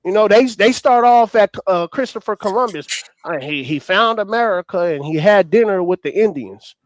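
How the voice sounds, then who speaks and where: A man's voice: high-pitched, lively intonation, moderate pace, dry recording. A man arguing hotly on a call-in panel, fired up and profane, talking over the others on a remote call. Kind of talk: heated call-in panel debate.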